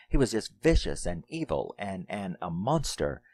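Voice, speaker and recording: A man's voice: deep voice, very animated, moderate pace, a little mellow. A middle-aged man reviewing a horror movie in casual, rambling talk, laughing often and swearing freely.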